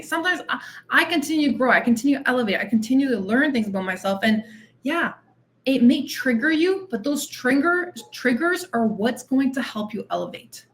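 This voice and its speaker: Female coach-host, blunt and motivating, slightly high pitch, punchy repetition. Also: fairly bright tone. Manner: direct tough-love, repeats phrases for emphasis. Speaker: weight loss coach and podcast host. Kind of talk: motivational monologue.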